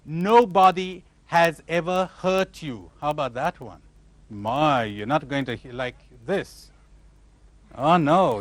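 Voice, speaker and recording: Guy lecturing on spirituality, voice leaps all over, kinda high, dry close sound, keeps asking the crowd stuff. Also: a little slow, no echo. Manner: animated, questioning listeners, acting out imagined replies. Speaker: spiritual teacher. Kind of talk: spiritual lecture to a live audience.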